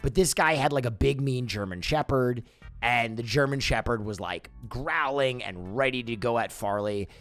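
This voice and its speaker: A young man in casual chat, telling profane, animated stories about his dog. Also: mid-range voice, moderate pace, faint music behind. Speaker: streamer co-host.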